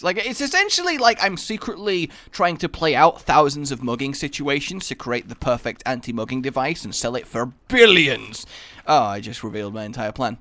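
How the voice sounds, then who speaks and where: A man's voice: medium pitch, sharp tone, no echo. A young man giving rambling, self-mocking commentary while playing a video game. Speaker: gaming YouTuber. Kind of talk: Let's Play commentary.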